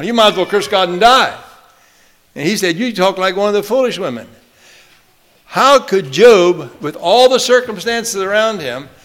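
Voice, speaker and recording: A man's voice: high voice, fairly bright tone. A man preaching a sermon, quoting scripture in old-fashioned phrasing and drawing out phrases for emphasis as he leads the congregation in repeating a line. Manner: drawn-out emphatic phrases, leads call-and-response.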